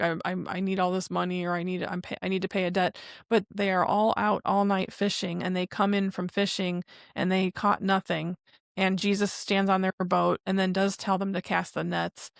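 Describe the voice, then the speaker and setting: A woman's voice: medium pitch, gravelly, no room sound, studio quality. A woman co-hosting a podcast, casually recapping a TV episode scene by scene in a chatty, rambling way. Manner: chatty retelling with frequent "and then" links. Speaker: podcast co-host.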